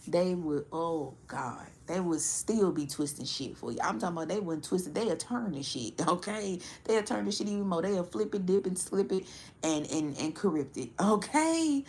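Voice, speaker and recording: A woman giving a casual tarot reading to her audience, blunt and profane, animated and laughing often. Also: on the low side. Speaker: tarot reader.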